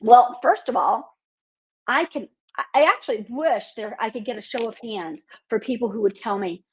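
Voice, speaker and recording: A woman with a high voice and a husky edge hosts a marketing podcast at a normal speed. She's blunt and outspoken, swears freely, and hammers every point home with fired-up conviction.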